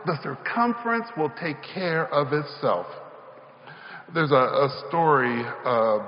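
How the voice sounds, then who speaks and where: A male pastor giving a sermon in a church sanctuary. He speaks in a rhythmic call-and-response style with rising emphasis. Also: medium pitch. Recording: echoey hall, slightly dull sound.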